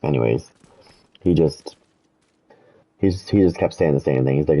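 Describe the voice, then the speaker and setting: A very deep-voiced gaming streamer speaks at a moderate pace on a low-quality recording. He rambles casually through a story for his viewers as he plays, cursing plenty and getting animated when repeating his own words.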